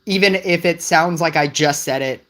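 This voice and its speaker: Talking live to viewers, this mobile game streamer rambles in a puzzled way, keeps starting over, and lightly teases the chat. The voice is mid-range and the pace moderate.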